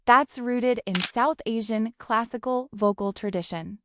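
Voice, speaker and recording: Woman, narrator, scripted, dramatic clipped delivery, higher voice, noisy background. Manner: dramatic, clipped emphatic phrases. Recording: clear background noise.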